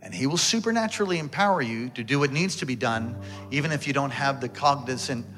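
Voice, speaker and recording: A man, a pastor, telling a dramatic story in a sermon, swinging between loud excitement and hushed tones. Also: medium pitch, fast talker, soft background music.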